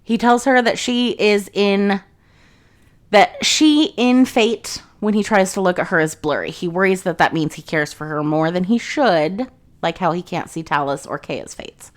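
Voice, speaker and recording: A woman's voice: lowish voice, moderate pace. A young woman casually recapping a fantasy novel in a chatty, sarcastic way, swearing freely. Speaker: book reviewer.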